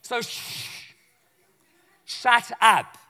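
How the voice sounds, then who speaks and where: A man's voice: very high-pitched, big pitch swings, slow, bright, forceful tone, in a large hall, pitched above the performer's own voice, heavily acted. A man voicing a brash, impatient male archangel who scolds bluntly and in slang, within a sermon. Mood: stern.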